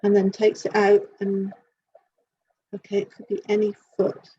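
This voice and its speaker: A woman working as an animal communicator, giving a live reading and thinking aloud in halting, searching phrases. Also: medium pitch, monotone, warm tone, slightly rough. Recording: dull lo-fi sound with faint hiss.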